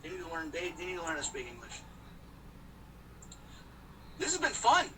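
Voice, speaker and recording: A man's voice: a little high, wildly swooping pitch, normal speed, far from the mic, noisy background. A man chatting casually on a live stream while he drives, joking and rambling to his viewers. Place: in a car. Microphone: phone.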